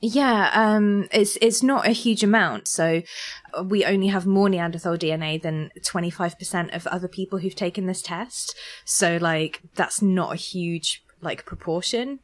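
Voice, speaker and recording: A woman's voice: on the low side, normal speed. A young woman chatting casually, full of fillers and restarts. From United Kingdom. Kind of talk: casual chat.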